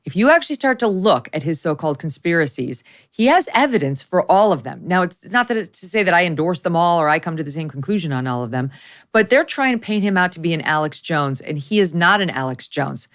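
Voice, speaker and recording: Low-voiced woman hosting with brisk sarcasm. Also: expressive. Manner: brisk and sardonic. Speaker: host. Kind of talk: talk show commentary.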